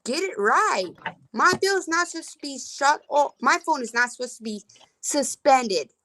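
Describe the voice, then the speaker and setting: A woman's voice: sits high, expressive, normal speed, pushed and bright, slight background noise, rough recording. A woman in her twenties venting bluntly in a casual open-mic rant. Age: 20s. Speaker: live-stream host.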